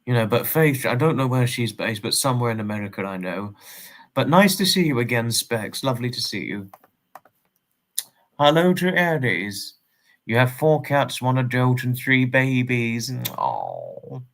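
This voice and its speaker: English male livestream host, mid-pitched, rambling and repetitive, politely formal with viewers. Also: very animated, unhurried, fairly bright tone. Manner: rambling, repeats himself, polite and formal phrasing. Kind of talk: casual livestream chat, greeting viewers and reading messages.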